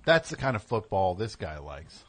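A man's voice: sits low, big pitch swings, moderate pace, a bit bright. A man hosting a call-in radio show, teasing and ribbing his caller in casual chat.

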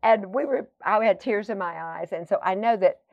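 A woman's voice: medium pitch, moderate pace, no room sound, muffled recording. A woman guest telling long, rambling stories in casual conversation, full of fillers and tangents. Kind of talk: conversational storytelling.

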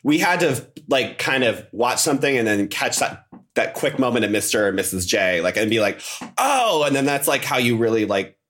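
A man's voice: lowish voice, fairly bright tone. A man co-hosting a podcast in casual chat, campy and slangy, laughing often. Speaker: podcast co-host.

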